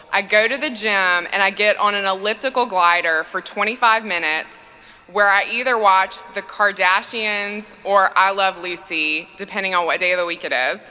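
A woman priest tells funny stories in a chatty way, full of ums. Her tone is bright and edged. A long church reverb trails behind her voice. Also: medium pitch. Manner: chatty comic storytelling, frequent fillers. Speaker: priest and speaker. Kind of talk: humorous conference talk.

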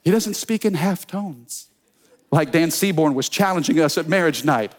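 Man, pastor, high voice, energetic sermon, call-and-response, humorous stories. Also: normal speed. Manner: storytelling with humor.

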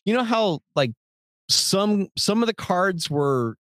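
Male co-host, higher pitch, easygoing anecdotal teller, dry sound. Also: animated, slow pace, a bit bright, no room sound. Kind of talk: casual storytelling chat.

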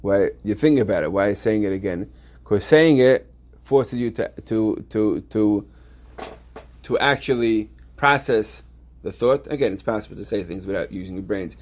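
A man's voice: lowish voice, a little mellow. A man teaching a yeshiva Torah class, explaining step by step with many restarts and reading Hebrew texts aloud.

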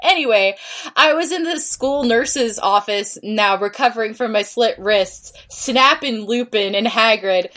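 A woman's voice: a little high, unhurried, fairly bright tone. A woman co-hosting a podcast, reading a text aloud for comedy with wry asides. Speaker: podcast co-host.

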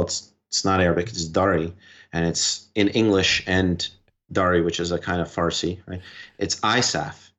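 A man telling a personal story as a podcast guest, in quick short bursts that quote back and forth what was said. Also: deep voice, fairly bright tone. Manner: recounts events in quick short bursts, quoting dialogue. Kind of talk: conversational storytelling. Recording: dull lo-fi recording.

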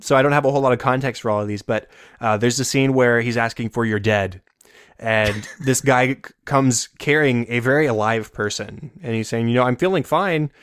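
A man with a smooth, clear voice co-hosts a casual movie podcast, recorded dry and close with no room sound. He speaks in an easygoing way, chuckling now and then as he recalls favorite lines. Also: mid-range voice, fairly even intonation, fairly quick, fairly bright tone, dry recording. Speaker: podcast co-host. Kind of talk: casual film discussion.

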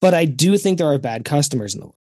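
A man's voice: a little high, expressive, quick pace, darkish tone, no room sound, clean studio sound. A man co-hosting a casual podcast, blunt and fond of acting out both sides of an exchange. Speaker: podcast co-host.

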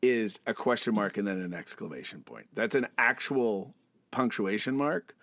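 Lively, chatty man picking apart comics. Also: fairly low pitch, normal speed, dry recording, clean studio sound. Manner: pedantic about punctuation, laughs often. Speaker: podcast co-host. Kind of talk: casual chat reading comics aloud.

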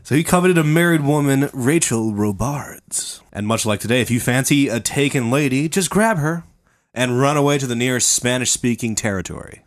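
A man's voice: moderate pace, no room sound, clean studio sound. A man telling a history story on a podcast, joking with his co-hosts as he goes. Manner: jokey storyteller, lively pitch swings. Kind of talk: comedic casual chat.

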